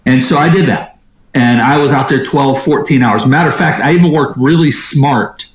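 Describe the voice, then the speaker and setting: A man telling personal stories as an interview guest, lively and acting out the dialogue he quotes. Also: medium pitch, moderate pace, highs cut off, a little hiss or hum. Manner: animated storyteller who acts out quoted dialogue. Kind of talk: storytelling in a conversational interview. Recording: roomy echo.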